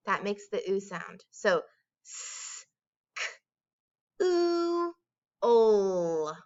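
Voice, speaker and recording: A woman teacher giving a recorded dictation lesson to young children, speaking in a slow, sing-song way and stretching out word sounds. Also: on the high side, fairly bright tone, smooth, dull audio.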